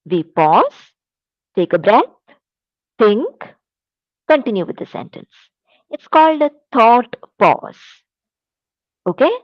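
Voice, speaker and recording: A woman teacher with an Indian English accent, giving a classroom lecture in a slow, deliberate, emphatic way. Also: medium pitch, dry recording, dull audio.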